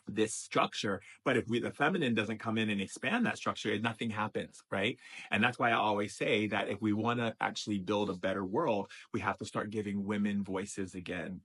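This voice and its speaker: A man's voice: on the low side, a bit bright, husky. A man as a spiritual teacher giving an emphatic, repetitive motivational talk.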